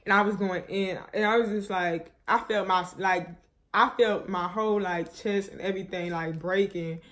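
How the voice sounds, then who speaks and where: A woman's voice: medium pitch, fairly even intonation, normal speed, a bit bright. Grieving young woman, rambling vlog story. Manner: rambling, restarts often, many fillers; grieving, subdued and shaky. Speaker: vlogger. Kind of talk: emotional personal story to viewers.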